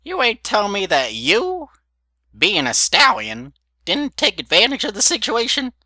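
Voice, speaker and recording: A man's voice: sits high, huge pitch swings, a little slow, bright, forceful tone, dry recording, clean studio sound, pitched above the performer's own voice, heavily acted. A man voicing a nosy, feisty elderly female pony with a teasing folksy drawl.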